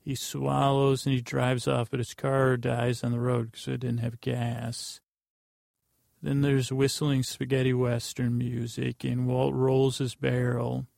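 A man with a heavily gravelly, creaky voice talks through a recap of an episode. His pitch barely moves, so he sounds like an even drone. He rambles offhand and often corrects himself mid-sentence, and his voice sits close and dry on the mic. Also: measured pace, dry recording. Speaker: podcast host.

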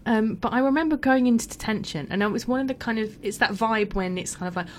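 A woman's voice: a little high, fast talker, slight background noise. Chatty young woman, laughing. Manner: chatty, laughing, lots of fillers. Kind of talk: casual chat.

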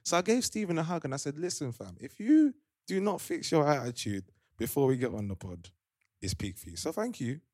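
A man's voice: a little high, big pitch swings, fairly quick, darkish tone, no echo, studio quality. A man hosting a casual chat among friends, teasing and laughing as he talks. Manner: playful, laughing, teasing banter. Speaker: podcast host. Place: shared room with friends.

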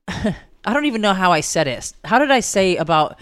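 A woman's voice: medium pitch, big pitch swings, normal speed, no echo, studio quality. A middle-aged mother chatting casually with family, rambling and poking fun at herself. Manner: chatty, rambling, self-mocking.

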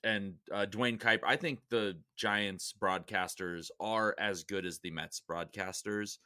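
A man co-hosting a casual podcast chat with relaxed, rambling asides. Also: lowish voice, unhurried, dry recording, clean studio sound. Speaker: podcast co-host.

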